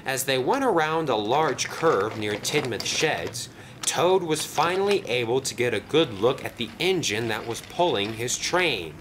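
A man narrating a children's toy train story in an expressive storybook style. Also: mid-range voice, measured pace, noisy background. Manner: lively, expressive.

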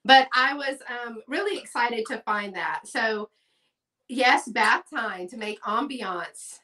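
A woman's voice: fairly high pitch, animated, slow, sharp tone, recorded from a distance. A chatty woman hosting a live sale stream, reading out bids and saying y'all. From Texas. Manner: chatty, says y'all, reads bids aloud. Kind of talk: live selling stream, casual chat.

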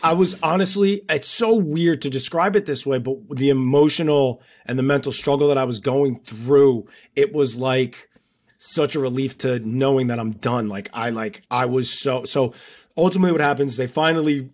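A man's voice: mid-range voice, normal speed, darkish tone. A man co-hosting a podcast, recounting an emotional experience in casual chat, with frequent fillers. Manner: emotional storytelling, many fillers like "like". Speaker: podcast co-host and former contestant.

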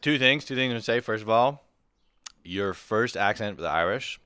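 A man's voice: fairly low pitch, animated, moderate pace, bright, forceful tone, clean tone, dry recording. A man hosting a podcast in crude, joking casual chat, teasing his guest. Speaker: podcast host.

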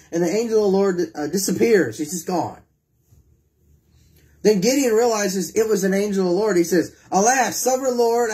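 Male preacher with a fairly high voice, reads scripture aloud, puts questions to the congregation, voices pleading prayers. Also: a little mellow. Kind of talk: sermon.

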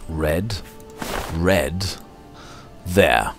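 Slow and low-voiced with some creak, this let's play host chats loosely to himself while gaming, his pitch swinging lively as he pretends to be mad. Quiet game music runs in the background.

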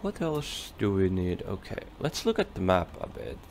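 A man giving relaxed, chatty commentary while playing a game, talking to the creatures on screen. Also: low voice, normal speed, gravelly, slight background noise. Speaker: let's play gamer. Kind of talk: casual gameplay commentary. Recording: faint game music behind.

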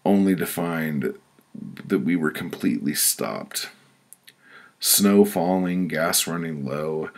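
Deep gravelly man reading his own prose. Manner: blunt, profane, deadpan storytelling. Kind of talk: audiobook reading of prose poems.

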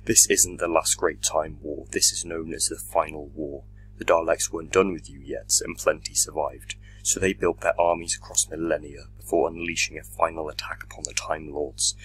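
A man voicing a slow, menacing armored villain. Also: a bass voice, fairly even intonation, fairly bright tone, husky, exaggerated voice, poor audio. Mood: brooding. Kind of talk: fan audio drama reading.

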